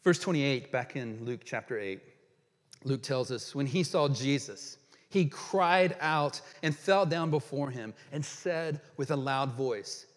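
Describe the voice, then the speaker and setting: A man preaching a sermon as a pastor, reading scripture aloud and reflecting on it, slowing down for emphasis. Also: mid-range voice. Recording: long hall reverb.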